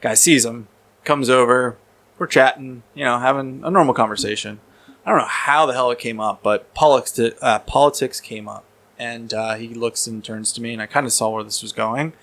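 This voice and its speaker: A man's voice: mid-range voice, steady tone, moderate pace, gravelly, a bit bright. A man telling a personal story in casual podcast talk, rambling and repeating words, with casual swearing. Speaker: podcast guest.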